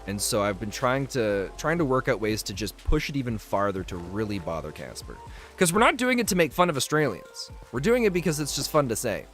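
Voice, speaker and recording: Chatty male streamer, lively voice. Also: mid-range voice, a little fast, soft background music. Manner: chatty, reads chat aloud and answers viewers; laughs easily, storytelling. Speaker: game livestreamer. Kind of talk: casual livestream chat while playing.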